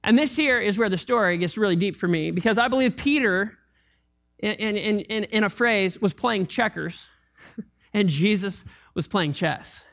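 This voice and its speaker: Here a man preaches with a high, gravelly voice, taking his time. As pastor he keeps the sermon animated and conversational, joking and making asides to those gathered.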